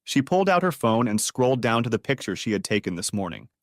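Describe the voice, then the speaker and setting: A man narrates a dramatic audiobook story in a steady, scripted reading. His intonation is lively, and the recording is dry and close. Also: mid-range voice, fast, no echo.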